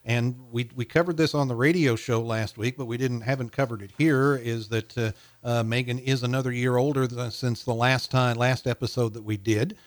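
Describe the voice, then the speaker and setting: A man in his sixties from Missouri, co-hosting a casual podcast, talking in a rambling, halting way with frequent chuckles. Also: mid-range voice, steady tone, no echo. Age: 60s. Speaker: podcast co-host. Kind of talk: casual chat.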